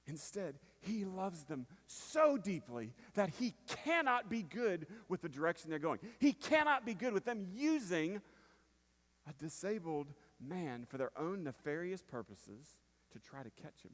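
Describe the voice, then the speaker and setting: A pastor in a church sanctuary delivers a conversational sermon in a high-pitched voice, sprinkling in frequent "right?" asides to check in with the congregation. He drops to a hush, then rises to emphatic points, and the hall's long reverb trails his words.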